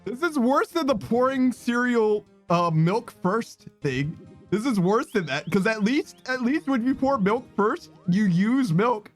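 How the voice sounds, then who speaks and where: A man's voice: extremely high pitch, animated, unhurried, faint music behind. A man streaming, chatting casually with his viewers, reading chat aloud and teasing them with slangy, swearing banter. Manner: laughs often, teasing, reads chat messages aloud.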